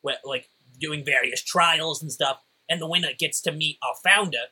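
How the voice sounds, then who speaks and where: A man's voice: on the high side, normal speed, pushed and bright, husky, exaggerated voice. A man doing a rambling laid-back goblin clerk. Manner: rambling, full of "like" and "uh".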